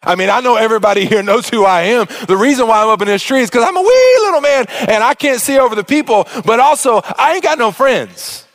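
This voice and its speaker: A preacher voicing a lonely, surprised little tax collector who talks in disbelieving, colloquial questions. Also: male voice, extremely high pitch, expressive, quick pace, hardly any pauses, fairly bright tone, long reverb tail, full character voice. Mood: incredulous.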